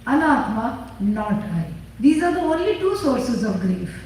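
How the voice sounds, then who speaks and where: A woman's voice: fairly high pitch, sing-song, unhurried, darkish tone. A woman teaching scripture in a lecture, asking questions and answering them herself with dry humor. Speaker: spiritual teacher. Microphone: phone in the audience. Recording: very echoey hall, far from the mic.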